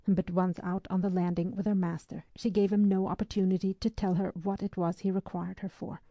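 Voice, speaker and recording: A woman narrating a historical adventure audiobook in a measured, steady storytelling manner. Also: medium pitch, no room sound, lo-fi sound.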